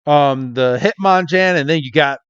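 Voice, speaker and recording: Male podcast co-host, slightly high voice, laughing and blunt, dry lo-fi recording. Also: moderate pace, clean tone, no room sound. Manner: animated, laughing, blunt with swearing. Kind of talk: casual episode recap chat.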